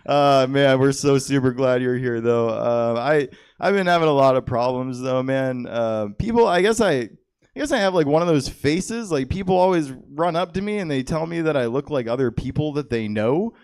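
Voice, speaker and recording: A man's voice: medium pitch, normal speed, darkish tone, clear, resonant tone. Laid-back, self-deprecating guy hosting a comedy show. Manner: laid-back, self-deprecating, says "man" and "dude" a lot. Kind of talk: stand-up hosting. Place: comedy club stage.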